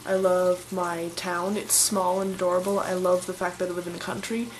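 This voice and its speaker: A woman's voice: lowish voice, little pitch movement, moderate pace, a little hiss or hum, rough recording. A young woman in her twenties, chatting casually and enthusiastically as she answers questions in a vlog. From Colorado, USA. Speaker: vlogger.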